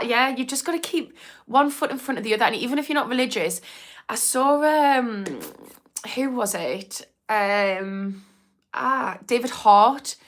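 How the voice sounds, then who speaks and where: A woman's voice: mid-range voice, a bit bright. A young woman from England with a Geordie accent, an addiction therapist chatting frankly on a livestream, swearing and laughing as she reads comments. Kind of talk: casual livestream talk reading chat comments.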